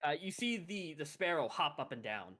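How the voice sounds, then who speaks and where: Lively male game master. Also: on the high side, normal speed. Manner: casual, chuckling, hesitant fillers. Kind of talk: narrating a tabletop game.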